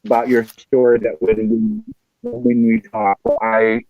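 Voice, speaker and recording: Male psychic guest, mid pitch, dull lo-fi audio, dry sound, repetitive and checking in. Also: big pitch swings, takes it slowly, vocal fry, no echo, soft background music. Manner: repeats himself, says okay a lot. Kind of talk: casual reading.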